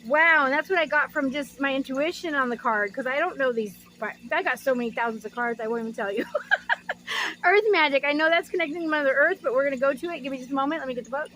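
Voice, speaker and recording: High-voiced woman reading oracle cards. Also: fast talker. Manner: gushing, reflective, breaks in with asides and soft laughs. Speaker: oracle card reader. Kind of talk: spiritual card reading, reading card texts aloud.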